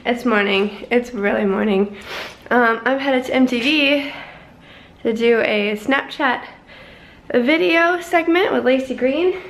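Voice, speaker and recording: A young woman vlogging in a casual, chatty way, giggling and tossing off quick asides. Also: on the high side. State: out of breath. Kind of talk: casual vlog chat. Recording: echoey room with noise.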